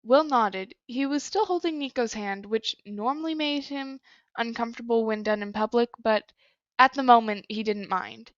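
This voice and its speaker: A woman's voice: a little high, moderate pace, no room sound. Woman reading a story, dull dry sound. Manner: plain, even reading with small slips. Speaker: story reader. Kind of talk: reading fan fiction aloud.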